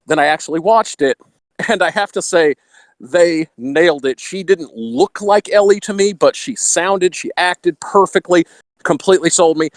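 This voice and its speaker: A chatty man with a Texan accent talks as a podcast guest, his voice sitting a little high for a man. He laughs between thoughts and keeps a slight radio polish on his delivery. The sound is dry and close, with no room around it. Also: normal speed, dry recording. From Texas. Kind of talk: casual podcast chat.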